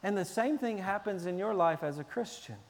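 A man preaching a sermon in an animated way, at times acting out shouting children. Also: high-pitched, fairly quick, long reverb tail. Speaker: pastor.

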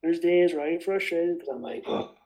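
Man, high voice, gravelly, rambling, passionate, casual faith discussion. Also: brisk, a little mellow, low-quality recording. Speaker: bible study participant.

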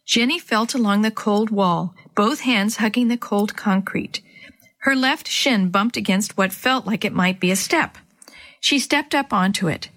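A gentle woman reads a children's chapter book aloud, speaking clearly and warmly to young listeners in a steady storybook style. Her pitch is medium and her pace a little slow.

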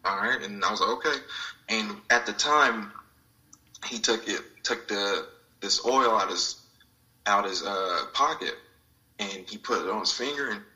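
A man's voice: on the low side, unhurried, long pauses, pushed and bright, poor audio. A man sharing a personal spiritual story in an interview, reflective and acting out the voices of people he quotes. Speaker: guest.

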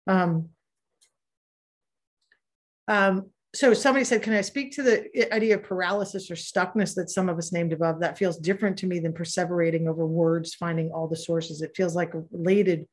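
Candid, husky-voiced woman coaching casually. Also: lowish voice, steady tone. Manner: candid, swears freely, laughs easily, quick asides. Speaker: productivity coach and podcast host. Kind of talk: casual live workshop talk.

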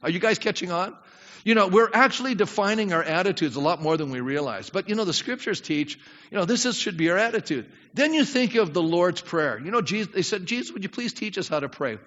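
High-voiced pastor preaching in a reverberant hall. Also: male voice, expressive, brisk, fairly bright tone. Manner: conversational, asks the congregation questions and acts out prayers. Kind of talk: sermon. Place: church sanctuary with congregation. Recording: dull sound with long hall reverb.

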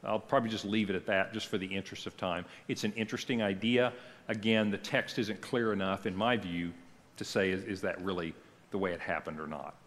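A man's voice: sits low, steady tone, a little fast, fairly bright tone. A middle-aged man, a pastor teaching a church class in a conversational way, often putting questions to his listeners. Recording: long reverb of a church hall.

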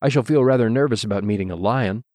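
A man's voice: on the low side, fast, mellow, no room sound, clean studio sound, natural voice. Man reading as Susan, a fretful young queen. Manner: fretful, pleading. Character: anxious tender-hearted young girl queen.

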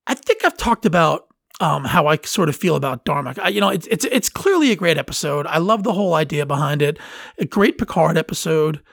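A man's voice: a little high, big pitch swings, a little fast, gravelly, a bit bright, dry recording, studio quality. A man hosting a podcast on his own, talking casually and rambling with fillers and restarts. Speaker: podcast host. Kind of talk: casual solo podcast talk.

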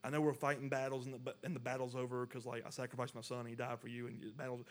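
A man's voice: medium pitch, level tone, quick pace, hardly any pauses. A man preaching a sermon, reading scripture aloud and then pressing his point with rising intensity. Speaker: pastor.

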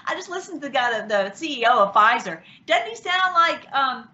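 A woman hosting an online show, talking casually and excitedly, with many restarts and fillers. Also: sits high, a little fast. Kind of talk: casual talk commentary. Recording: dull lo-fi sound.

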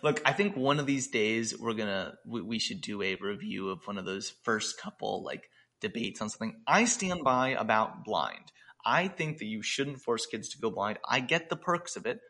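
A man's voice: lowish voice, expressive, moderate pace, sharp tone. A man co-hosting a podcast, chatting in a loose, rambling way with many restarts. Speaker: podcast co-host and coach. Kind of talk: casual podcast chat.

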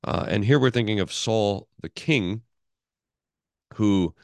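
A male pastor teaching a Bible class in an animated way, often restarting his sentences and chuckling. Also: fairly low pitch, takes it slowly, no room sound. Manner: animated, chuckling, self-interrupting.

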